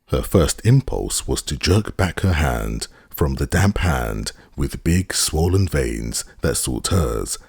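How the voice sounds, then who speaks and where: Male audiobook narrator, extremely low, gravelly voice, husky, lively intonation. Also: no echo, studio quality. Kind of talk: scripted narration.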